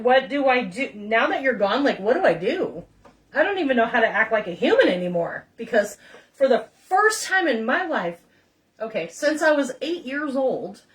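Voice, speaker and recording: Recorded on a distant mic, a middle-aged woman with a medium-pitched voice cooks at home and rambles through stories, addressing her viewers directly in chatty vlog style.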